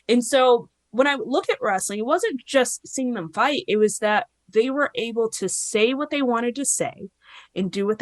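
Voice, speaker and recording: A woman's voice: medium pitch, no echo. A woman in her thirties, a podcast guest telling her story in a candid, rambling way and acting out the voices she quotes. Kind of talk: casual interview storytelling.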